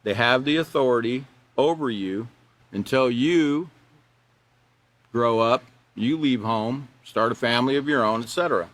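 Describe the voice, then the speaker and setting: A man's voice: medium pitch, a little slow, pauses often, a bit bright. A man leading an online teacher training class, talking loosely with restarts and laughing at his own examples.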